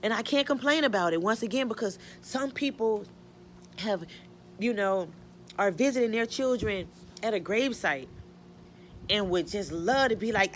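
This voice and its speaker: Emotional Southern mother, halting speech. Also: mid-range voice, slight background noise. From Georgia, US Southern. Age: middle-aged. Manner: emotional, halting, many restarts and "you know". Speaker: mother answering viewer questions. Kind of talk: casual Q&A chat.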